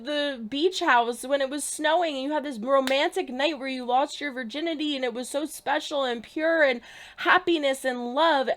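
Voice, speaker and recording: Young female reaction host, emphatic and exasperated, bright lively pitch that swoops up and down. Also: moderate pace. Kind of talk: casual TV reaction commentary.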